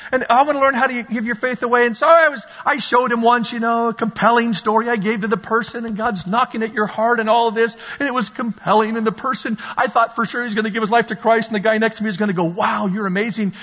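A man preaching a sermon as pastor, animated and storytelling, sometimes shouting at the peaks. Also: high voice. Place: church sanctuary. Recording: dull sound in a large reverberant hall.

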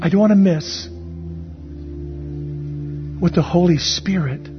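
A man's voice: high-pitched, slow pace, muffled recording, music in the background. A man preaching a sermon as pastor, asking his listeners earnest, repeated questions.

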